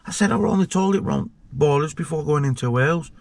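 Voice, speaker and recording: A man's voice: on the high side, fast talker, vocal fry, no echo. Blunt sweary man. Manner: blunt and sweary, acts out quoted dialogue. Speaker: interview guest, former prisoner. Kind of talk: casual storytelling.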